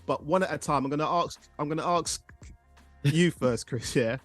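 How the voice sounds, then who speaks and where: A man's voice: on the high side, normal speed, no echo. Middle-aged english guy hosting, laughs a lot, dry sound, faint music behind. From England. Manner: excitable, directs the game, laughs often. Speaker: podcast host. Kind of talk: casual chat.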